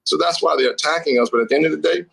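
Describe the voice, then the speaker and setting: A man with a gravelly, husky voice, speaking as a guest in a televised political interview. He sounds urgent and repeats his warnings. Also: fairly high pitch, very fast, fairly bright tone, rough recording. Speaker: political guest on a news show.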